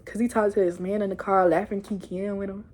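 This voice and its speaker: A young woman giving a casual, animated recap of a TV episode, laughing and cursing as she tells it. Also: mid-range voice, a little fast. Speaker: show reviewer. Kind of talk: casual chat video review.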